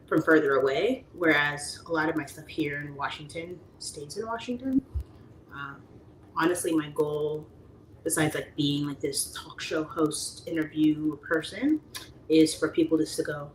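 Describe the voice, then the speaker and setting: A woman's voice: deep voice, steady tone, normal speed. A woman hosting a casual livestream, chatting and reading out viewer comments, who slips into playful voices when she tells stories. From United States. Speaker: livestream talk show host. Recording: roomy echo, faint background noise.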